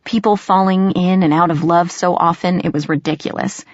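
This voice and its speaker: Low-voiced woman reading an audiobook. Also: moderate pace, dry recording. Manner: expressive, storytelling. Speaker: audiobook narrator. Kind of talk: first-person audiobook narration. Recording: dry, slightly dull audio.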